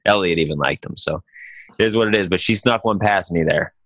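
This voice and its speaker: A man with a lowish voice tells a joking story on a podcast, animated and loose, tossing in "dude" every few lines. His voice sounds close and dry on the mic, with no room sound. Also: fairly quick, no echo. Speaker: podcast co-host. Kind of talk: casual chat.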